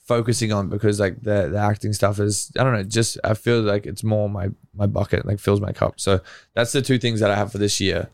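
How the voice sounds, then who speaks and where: A man's voice: on the low side, level tone, brisk, no echo. A young man with an Australian accent, chatting easily as a podcast guest and laughing often. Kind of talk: casual podcast chat.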